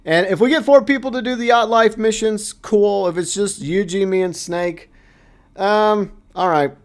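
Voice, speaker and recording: Brief: male streamer, slightly higher voice, loose chatty delivery. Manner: chatty, reads chat aloud, playful asides. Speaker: livestream host. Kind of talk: casual livestream chat.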